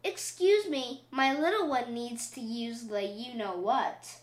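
A loving, worn-out storybook mother, read by a woman, fond yet exasperated. The voice is high and expressive and moves unhurriedly. It sounds from a roomy, echoing space. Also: slow pace. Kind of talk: storybook reading. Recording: roomy echo.

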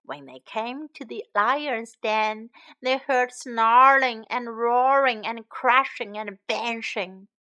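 Slow, bright woman reading a children's story. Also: on the high side, lively intonation, lo-fi sound. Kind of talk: children's storybook narration for English learners.

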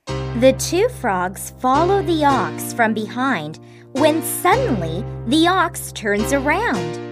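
A woman narrates a children's storybook, reading slowly and clearly with a high voice that rises and falls a lot. Soft music plays faintly underneath. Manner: slow, clear, expressive reading.

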